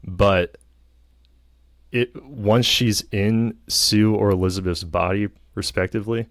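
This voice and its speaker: A man's voice: fairly low pitch, fairly even intonation, slow, dry recording, clean studio sound. A man vlogging a casual film review, rambling with lots of fillers and hedges.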